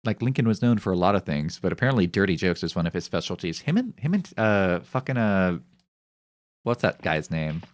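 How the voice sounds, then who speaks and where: Male streamer, young adult, low voice, lively intonation, crude joking banter. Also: a little fast. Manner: joking, rambling, profane banter. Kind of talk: casual chat on a live stream.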